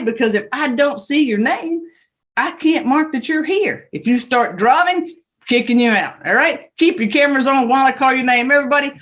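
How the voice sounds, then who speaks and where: A woman judge with a Southern US accent giving brisk, stern and joking courtroom instructions over a video call. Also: high voice, a bit bright.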